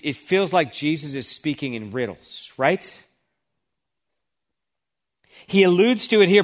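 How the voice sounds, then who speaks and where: A male pastor delivers a sermon in a slightly higher-than-average voice. He reads scripture passages aloud with emphasis, then explains them to his listeners. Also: fairly bright tone.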